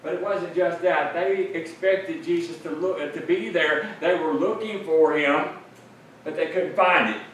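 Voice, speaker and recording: A man's voice: a little high, measured pace, fairly bright tone. A man preaching a sermon, explaining a passage earnestly and repeating phrases for emphasis. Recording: very echoey room, mic at a distance, faint noise.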